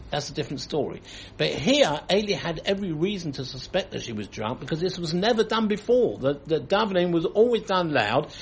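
Casting: male Talmud teacher, lively pitch, slightly gravelly voice, explains text by text. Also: a little hiss or hum. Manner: explains, translating line by line. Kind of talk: Talmud study class.

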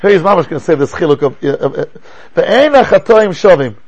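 An older man teaching a class as a rabbi, lecturing in an animated way and asking rhetorical questions. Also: high-pitched, fairly quick, slightly rough, muffled recording.

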